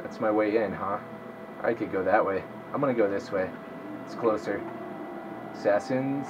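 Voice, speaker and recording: A man's voice: on the low side, moderate pace, lo-fi sound, noisy background. A young man giving casual, profanity-laden let's-play commentary, talking to himself as he plays. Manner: swears a lot, talks to himself while playing. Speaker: gameplay commentator.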